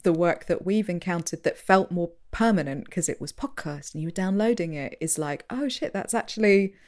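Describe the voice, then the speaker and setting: Animated woman with a lower voice. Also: brisk. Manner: chatty, animated, laughs while making points. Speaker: radio curator. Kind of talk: casual interview conversation.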